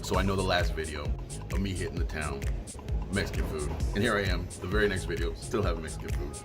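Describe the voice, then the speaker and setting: A man's voice: deep voice, quick pace. A man in his forties, a toy store owner, talking eagerly in a casual vlog and describing things in loving detail. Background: loud background music.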